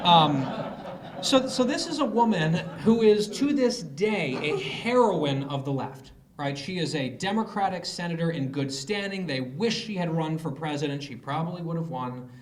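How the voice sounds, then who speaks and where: A man giving a political speech to a live audience, telling a story with sarcasm and mocking quoted voices. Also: a little high. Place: conference hall.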